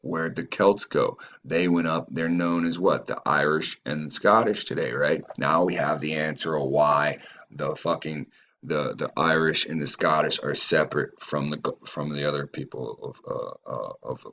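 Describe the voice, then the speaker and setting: Slow, deep-voiced man reading and ranting. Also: fairly bright tone, highs cut off, a little hiss or hum. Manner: profane, rambling, stumbles over names. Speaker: channel host. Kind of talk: reading aloud and commenting.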